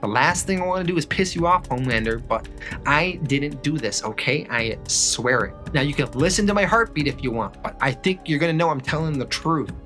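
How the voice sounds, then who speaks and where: Hotheaded cocky superhero guy, bright edgy tone, defensive and whiny, read by a man. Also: a little high, expressive, a little fast, faint music behind. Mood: pleading. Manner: defensive, pleading then angry.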